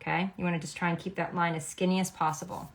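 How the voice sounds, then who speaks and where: A woman's voice: on the low side, flat delivery, quick pace, a little hiss or hum. A middle-aged woman, a makeup artist, explaining a makeup routine step by step in a chatty, instructive way, often checking in with "okay?". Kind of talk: makeup tutorial.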